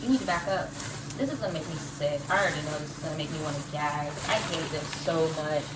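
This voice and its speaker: A woman vlogging casually at home to her viewers, talking in an animated way full of dramatic exclamations. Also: low voice, fast talker. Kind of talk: casual vlog talk to viewers. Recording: echoey room with loud background noise.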